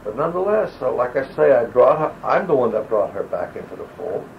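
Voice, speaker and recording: Mid-range and creaky, with big pitch swings, an older army veteran talks fairly quickly in an oral-history interview. His wartime stories ramble and wander, and he acts out the voices of people he's quoting. It was recorded on a home audio recorder, lo-fi old tape with a faint hiss.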